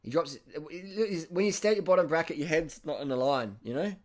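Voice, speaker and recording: An Australian man casually commenting over race footage, blunt and excitable, swearing and repeating himself. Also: on the high side, quick pace. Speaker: cycling video host.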